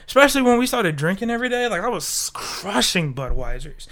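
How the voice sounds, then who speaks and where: A man's voice: high voice, very animated, fairly quick, a bit bright. A sick young man co-hosting a podcast, rambling in casual, profane chat and laughing often. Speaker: podcast co-host.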